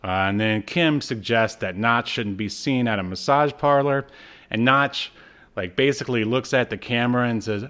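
A man's voice: medium pitch, normal speed, fairly bright tone. Male podcast co-host, clean resonant voice, amused storyteller who acts out the lines. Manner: laughs while retelling, acts out character lines. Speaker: podcast co-host recapping an episode. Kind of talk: casual chat.

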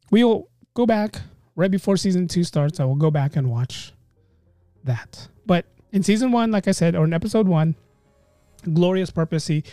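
A man hosting a casual solo podcast, talking in an animated, rambling way and often cutting himself off mid-thought. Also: a little high, no echo, studio quality. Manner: animated, rambling, self-interrupting. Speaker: podcast host.

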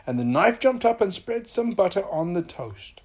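Breathy, sing-song female storyteller. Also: medium pitch, sing-song, normal speed, darkish tone. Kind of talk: children's story reading.

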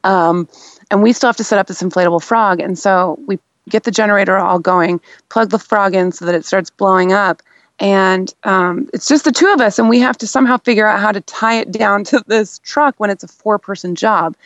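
A woman's voice: medium pitch, brisk, no room sound, highs cut off. A young adult woman, a radio guest, telling a story in casual chat with lots of laughter.

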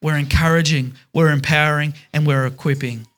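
A man's voice: on the high side, fairly even intonation, a little fast, a bit bright. A man preaching a sermon as pastor, emphatic, stressing words in repeated lists.

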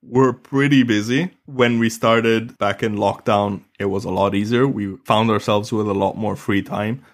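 Casting note: male podcast co-host, casual chat, animated delivery, quick laughs, pitch spikes when excited.

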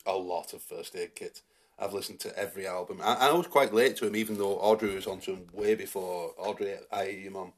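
A man's voice: deep voice, fairly quick. A man, co-hosting a casual podcast chat and rambling with lots of fillers. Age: 40s. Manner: rambling, with many fillers and restarts. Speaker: podcast co-host.

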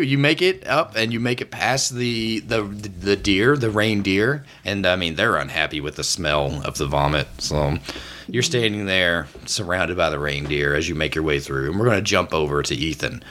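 A man runs a tabletop game as game master, telling a chaotic scene with casual swearing. His pitch jumps around a lot, and he keeps breaking into laughter. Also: expressive, fairly bright tone. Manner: laughs often, swears casually, slips into quick voices for passersby. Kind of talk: narrating a tabletop game, profane and comic.

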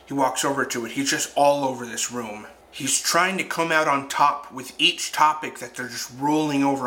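Bright-voiced man reviewing a film. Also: medium pitch. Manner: reflective, retelling scenes with quick asides. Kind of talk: casual film review narration.

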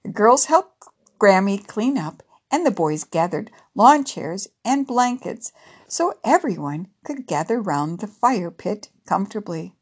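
A woman narrating a children's story in a gentle, expressive way. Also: mid-range voice, a little slow, breathy edge.

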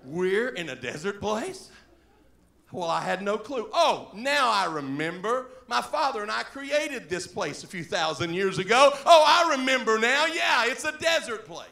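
A dry, mock-innocent Jesus drawls his sarcastic replies, as a preacher puts him on. The voice sits high and gravelly with a bright edge, and it rings through an echoey church hall. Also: big pitch swings, unhurried, heavily acted.

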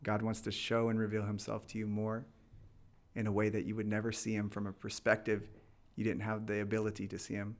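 A man, a pastor, giving gentle, earnest encouragement and then praying over listeners. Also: fairly low pitch, completely flat delivery, fairly quick. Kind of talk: encouraging talk and prayer.

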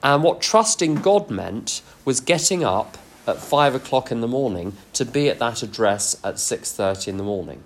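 A man's voice: medium pitch, expressive, normal speed, hardly any pauses. A man giving a recovery workshop talk, frank and self-deprecating, mixing personal anecdotes into his teaching. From England.

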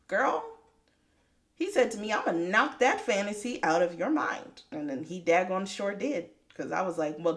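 A woman hosting a faith-based motivational podcast, talking straight to listeners in a lively, preachy way and laughing often. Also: lowish voice. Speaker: podcast host.

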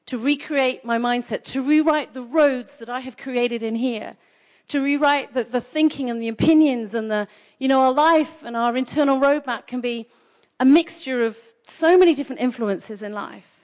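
A woman preaching a sermon in an energetic, conversational way, repeating phrases for emphasis. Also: on the high side.

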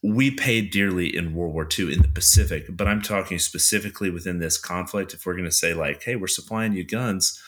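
A man's voice: low voice, a little fast, hardly any pauses. A man co-hosting a history podcast, talking casually and rambling with lots of fillers. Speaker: podcast co-host.

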